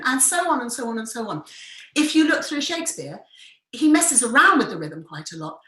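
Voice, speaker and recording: A woman theatre director who leads a workshop and tells the story with enthusiasm and expressive examples. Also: medium pitch, normal speed. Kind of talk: storytelling lesson. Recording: roomy echo.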